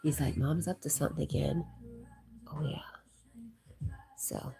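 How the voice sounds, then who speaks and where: A middle-aged woman hosting a live stream, reading chat comments aloud in a soft, gentle whisper as whispered role-play. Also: deep voice, steady tone, a little slow, creaky. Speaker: livestream host reading chat. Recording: faint background music.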